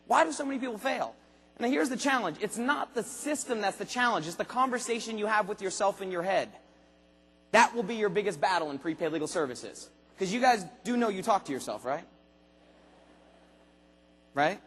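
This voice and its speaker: A man giving an animated motivational speech to a large convention crowd, asking the audience rhetorical questions and acting out voices. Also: high-pitched, moderate pace, breathy edge, big-room sound. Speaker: motivational speaker at a sales convention. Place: large arena convention hall.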